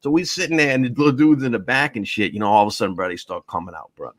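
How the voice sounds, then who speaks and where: Profane, animated male podcast guest. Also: fairly low pitch, racing, no echo, clean studio sound. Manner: profane, animated storyteller who laughs often. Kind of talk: casual storytelling chat.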